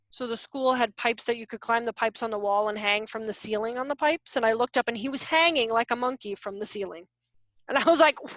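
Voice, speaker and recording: A woman in her thirties presenting an online workshop on raising children. She talks in an animated way and keeps asking her audience rhetorical questions. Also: on the high side, fast, no echo. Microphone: video call.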